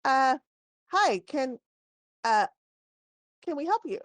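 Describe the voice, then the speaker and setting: A woman's voice: sits high, animated, slow, no echo, pitched above the performer's own voice. A woman voicing a small male gnome who runs a leather shop, chatty and amused. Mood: curious. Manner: chatty, laughs to himself.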